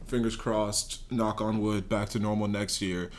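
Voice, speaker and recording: A man's voice: fairly low pitch, level tone, unhurried, slight background noise. A young man hosting a podcast, chatting casually and playfully quizzing his guest. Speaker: podcast host. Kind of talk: casual chat.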